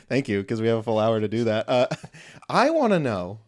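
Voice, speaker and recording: A man co-hosting a casual podcast from a room at home, joking and teasing on a mic stand. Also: medium pitch. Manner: joking, teasing, self-mocking. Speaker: podcast co-host.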